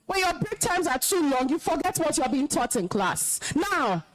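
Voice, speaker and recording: A young woman with a Nigerian accent addresses a room of students, her voice high and swinging widely as she scolds them sternly. She gives orders, then turns emotional and commanding when she speaks about respect for teachers. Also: sing-song, normal speed, faint music behind. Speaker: alumna speaker at school event.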